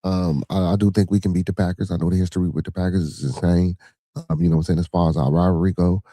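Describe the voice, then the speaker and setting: A man's voice: low-pitched, steady tone, quick pace, mellow, no echo. A man hosting a podcast, rambling in casual talk with lots of fillers and blunt swearing. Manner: rambling, frequent filler phrases, blunt and profane. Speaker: podcast host. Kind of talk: casual livestream talk answering chat.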